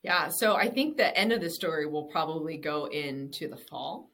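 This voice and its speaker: A woman's voice: deep voice, lively intonation, moderate pace, fairly bright tone. A woman in her thirties, a business owner interviewed on a podcast, talks candidly, swears freely and laughs often. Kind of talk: casual interview.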